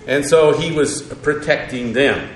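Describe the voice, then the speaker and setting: A man teaching an evening Bible lesson, halting, with frequent fillers and self-corrections. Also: mid-range voice. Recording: echoey room.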